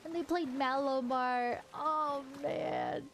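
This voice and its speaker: A woman's voice: high-pitched, measured pace, faint music behind. A woman giving casual gameplay commentary, emotive and jokey, laughing often and swearing freely. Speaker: let's-play gamer.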